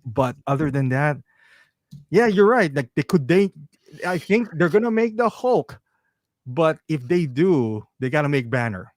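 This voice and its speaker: Lively guy chatting about collectibles, bit higher voice, dry close mic. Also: a little slow, no echo. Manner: animated, laughs often, mimics others. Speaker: podcast guest. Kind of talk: casual chat.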